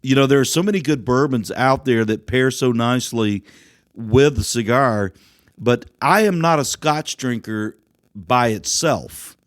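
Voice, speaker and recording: A man's voice: mid-range voice, a little slow, no room sound. A man hosting a podcast, asking friendly questions in a casual chat. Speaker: podcast host.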